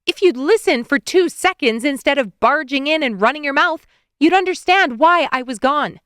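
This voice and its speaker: A woman's voice: mid-range voice, normal speed, clear, resonant tone, dry recording, studio quality, lightly acted. A woman voicing a secretive woman herbalist who snaps when cornered and then apologizes, in an audiobook. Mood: exasperated.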